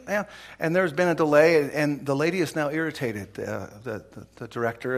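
A man preaching a sermon, telling a story in a folksy, animated way and acting out the voices of its people. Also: a little high, moderate pace. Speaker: pastor.

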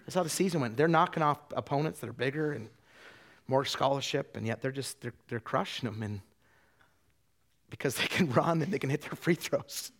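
Gravelly-voiced pastor telling a sermon story. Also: male voice, medium pitch, brisk. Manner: conversational, many restarts, drops to hushed quotes.

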